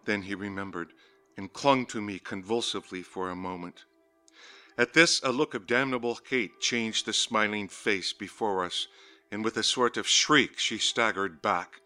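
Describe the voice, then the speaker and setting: A man narrating a gothic horror story in a measured, ominous reading style. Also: fairly low pitch, bright, forceful tone. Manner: measured, ominous, lingering on words. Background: faint music.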